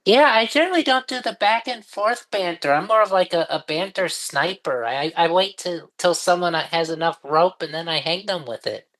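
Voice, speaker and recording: Dry, deadpan woman with a lower voice. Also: normal speed, few pauses, poor audio. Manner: dry, deadpan wit with stumbling restarts. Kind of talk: casual chat.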